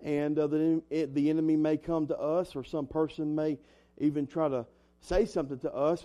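A man's voice: on the high side, level tone, normal speed, dark tone. A young man preaching an earnest, emphatic sermon as a pastor, in a folksy way. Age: young adult.

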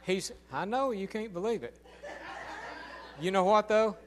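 An older man preaching a sermon, telling a folksy story with emphatic, drawn-out phrases. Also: sits high, expressive.

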